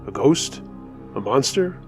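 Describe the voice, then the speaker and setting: A man hosting a storytelling channel, reading true scary stories in a steady, low-key scripted narration. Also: slow pace, faint music behind.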